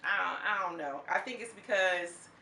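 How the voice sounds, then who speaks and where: A woman reviewing a reality show in a casual vlog, animated and slangy, with plenty of commentary. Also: mid-range voice, normal speed. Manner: animated and slangy, acts out quotes in mocking voices. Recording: echoey room.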